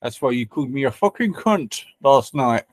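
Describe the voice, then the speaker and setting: A man's voice: medium pitch, lively intonation, moderate pace, no echo. A man hosting a livestream, chatting casually and teasing viewers with banter and swearing. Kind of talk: casual chat.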